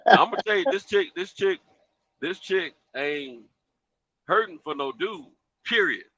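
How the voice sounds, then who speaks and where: A man's voice: fairly high pitch, lively intonation, unhurried, fairly bright tone, no echo, rough recording. A man co-hosting a late-night chat, laid-back, often repeating words as he searches for them.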